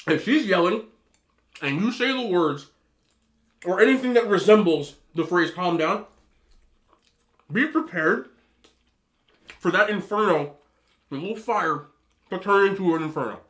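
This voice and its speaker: A man in his thirties eating on camera, giving emphatic, animated relationship advice to other men and telling stories in a casual chat. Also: high voice, normal speed, pauses often. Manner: storytelling with repeated disapproving hums. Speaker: mukbang vlogger.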